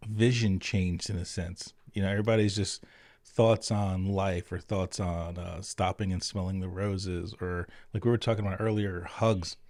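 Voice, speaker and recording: A man hosting a podcast in relaxed casual chat, speaking easily with many filler phrases. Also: deep voice, normal speed, dry recording. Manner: relaxed, agreeable, lots of fillers like "you know". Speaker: podcast host.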